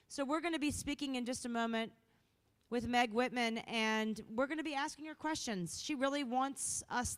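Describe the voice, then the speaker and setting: A woman hosting a conference on stage, bubbly and playful, speaking into a microphone. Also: high-pitched. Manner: bubbly and playful, lively delivery. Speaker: event emcee. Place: conference hall.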